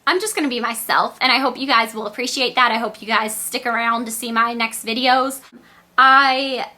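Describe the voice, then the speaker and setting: A teenage girl from the Southern US with a Southern accent and a squeaky voice, chatting casually and rambling to camera. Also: fairly even intonation, moderate pace, pushed and bright. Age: teens. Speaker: beauty vlogger.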